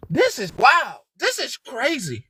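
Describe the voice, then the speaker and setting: A woman hosting a livestream, ranting with heavy profanity and swinging between low, muttered lines and shouted outrage. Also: wildly swooping pitch, takes it slowly, slightly rough. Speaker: livestream host. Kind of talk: heated livestream rant.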